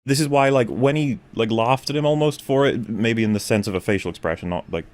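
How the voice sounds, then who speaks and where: A man's voice: medium pitch, fairly quick. A man in a casual chat recapping a film scene by scene, hesitant, with many fillers and restarts. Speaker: stream panelist reviewing a film.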